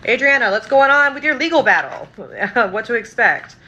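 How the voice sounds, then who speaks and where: A woman's voice: fairly high pitch, animated, normal speed, background noise. Scattered, swearing livestream tarot reader, a woman. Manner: scattered, swears freely, frequent ums and likes. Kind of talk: casual livestream reading.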